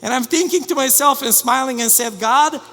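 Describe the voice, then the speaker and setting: High-voiced pastor telling a story. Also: male voice, fairly quick, in a large hall. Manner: storytelling, animated with many restarts. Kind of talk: sermon. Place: church sanctuary.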